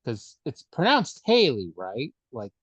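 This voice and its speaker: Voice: medium pitch, wildly swooping pitch, unhurried, fairly bright tone, breathy edge, no room sound. Dry, hesitant podcast co-host, muffled sound. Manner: dry, hesitant, lots of fillers. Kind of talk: casual chat.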